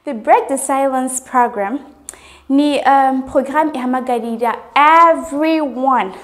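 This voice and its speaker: A woman's voice: high voice, unhurried. A woman host gives an earnest, emphatic motivational talk and repeats key words for stress. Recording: music playing underneath. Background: music.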